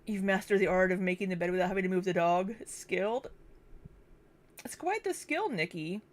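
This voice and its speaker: Animated and medium-pitched at a moderate pace, this young woman runs a casual livestream in her kitchen at home. She's chatty and a bit distracted, reading out super chats and saying viewers' names as she greets them.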